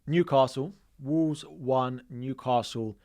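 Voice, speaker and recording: A man's voice: medium pitch, slow, a little mellow. A man, co-hosting a studio podcast and working through football points step by step. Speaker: podcast co-host. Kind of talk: casual football chat.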